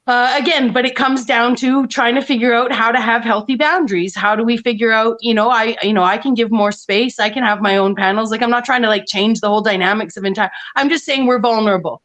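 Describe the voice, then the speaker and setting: A woman's voice: fairly high pitch, fairly even intonation, fairly quick, hardly any pauses, a bit bright. A woman talking casually on an online panel, rambling with many restarts and frequent laughs. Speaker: panel guest.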